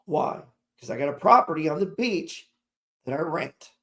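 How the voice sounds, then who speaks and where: Rambling, profane man with a higher voice. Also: animated, normal speed, fairly bright tone. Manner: rambling, profane, storytelling with slang. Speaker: investing channel host. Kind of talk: casual motivational talk to camera.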